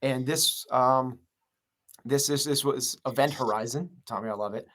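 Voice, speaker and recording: Man, podcast guest, gym owner, earnest, filler-heavy, rambling, average pitch. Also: moderate pace, fairly bright tone.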